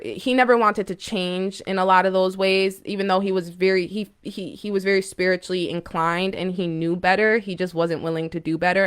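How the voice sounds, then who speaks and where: A woman's voice: lowish voice, fairly bright tone, smooth. A young woman hosting a spiritual live stream, telling a personal story to viewers in a rambling, emphatic way with many fillers and restarts. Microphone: phone or webcam, live stream.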